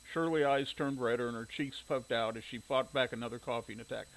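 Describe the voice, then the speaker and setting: A man reading a story aloud in steady audiobook narration. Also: medium pitch, fairly quick, soft background music, poor audio.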